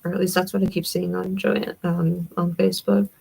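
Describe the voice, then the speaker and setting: A woman's voice: on the low side, little pitch movement, normal speed, creaky, a little mellow, slightly rough, low-quality recording. A young woman with a Southern accent hosting a livestream, chatting in a rambling way and answering comments from her viewers. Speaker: livestream host. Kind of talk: casual chat with viewers.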